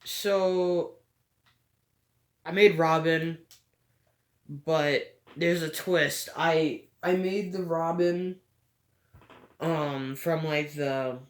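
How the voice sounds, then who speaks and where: Halting, rambling woman in an echoey room. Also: fairly even intonation. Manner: rambling, hesitant, stutters; low-energy, halfhearted. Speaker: gaming vlogger. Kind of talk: casual gameplay commentary.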